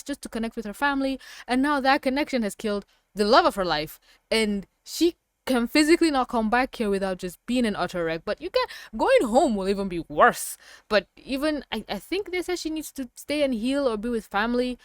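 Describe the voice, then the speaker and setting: A woman giving a casual review of a TV episode, rambling and excitable, with emphatic outbursts. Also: on the high side, dry recording.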